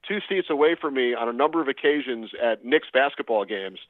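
Man, sports broadcaster guest, mid-pitched voice, telling stories with pauses, tinny phone-line sound, dry. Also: lively intonation, dry recording. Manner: measured storytelling with frequent "uh" pauses. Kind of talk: casual interview answers.

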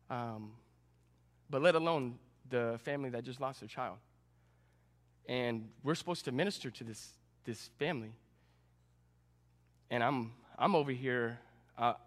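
A young adult man, a student pastor, preaching a sermon and telling a personal story with animated, self-deprecating humor. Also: mid-range voice. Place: church sanctuary. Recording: long reverb in a church hall.

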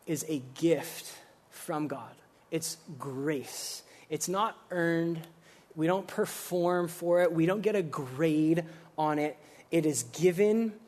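A man preaching a casual, energetic sermon, using slang and swinging between loud emphasis and quiet reflection. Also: a little high. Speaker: pastor.

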